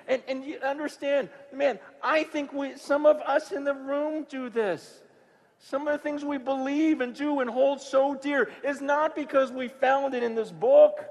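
A man preaching a sermon, telling a story in a conversational way that swings from hushed to sudden loud bursts. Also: very high-pitched, big-room sound. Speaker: pastor.

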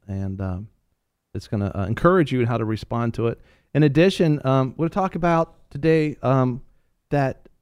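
A man's voice: on the low side, clear, resonant tone, dry recording, studio quality. Rambling, jokey man on a faith talk show. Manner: rambling, jokey, many fillers and restarts; animated storytelling. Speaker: co-host. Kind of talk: Christian talk show chat.

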